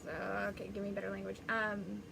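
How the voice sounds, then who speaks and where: A woman's voice: mid-range voice, flat delivery, brisk, creaky, noisy background. A woman hosting a live-streamed spiritual reading as a psychic medium, talking in a rambling, chatty way and often restarting.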